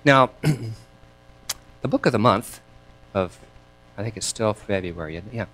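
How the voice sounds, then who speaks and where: Lively male minister giving a sermon. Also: lowish voice, a little slow. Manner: lively, chatty, laughs between thoughts; leads the congregation in call and response.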